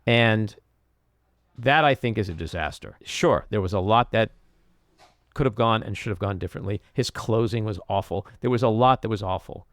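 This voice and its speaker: A man's voice: normal speed, dry recording, clean studio sound. A man hosting a podcast, delivering an emphatic political commentary monologue and acting out quotes. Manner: emphatic, acts out quotes with rising pitch. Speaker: podcast host.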